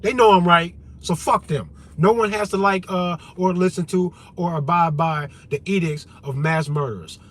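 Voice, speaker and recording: A man's voice: sits high, moderate pace, few pauses. A man hosting a livestream, ranting bluntly and profanely while reading out and answering his chat. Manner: profane, blunt, repetitive, addresses chat directly. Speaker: livestream host. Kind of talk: unscripted livestream rant.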